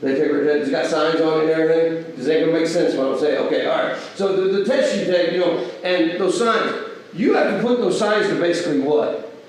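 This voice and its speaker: A man's voice: on the high side, brisk. A man teaching a Bible class in a church, chatty and full of rhetorical questions to the listeners. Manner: asks the audience rhetorical questions; acts out everyday quoted exchanges. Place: church hall. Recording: echoey hall from far off.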